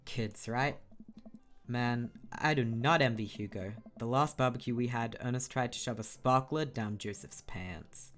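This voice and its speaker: A woman's voice: very deep voice, unhurried, faint music behind. A woman with an Australian accent reading a video game aloud, with wry asides. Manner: wry asides, reads all parts. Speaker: game streamer.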